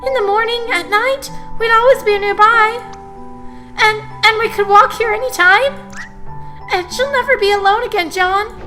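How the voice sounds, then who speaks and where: Woman reading a game heroine, young, hopeful, eager and quick, brightly toned. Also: very high-pitched, faint music behind, pitched above the performer's own voice.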